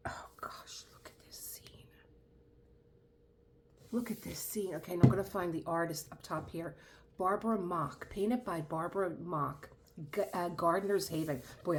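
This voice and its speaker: A middle-aged woman hosting her own craft channel, chatting excitedly through an unboxing, trailing off mid-sentence and dropping to a whisper in awe. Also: fairly low pitch, background noise. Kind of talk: casual unboxing chat.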